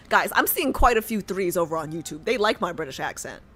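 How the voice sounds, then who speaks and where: A woman livestreamer chatting excitedly with her chat and reading game text aloud in a casual, chatty way. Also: on the low side, moderate pace.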